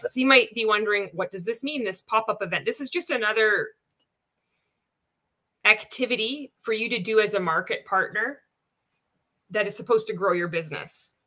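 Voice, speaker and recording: A bright, forward-sounding woman talks through a reaction vlog in an easy, casual way. She is sarcastic, laughs often and swears without holding back. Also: mid-range voice, normal speed, long pauses. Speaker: anti-MLM reaction vlogger.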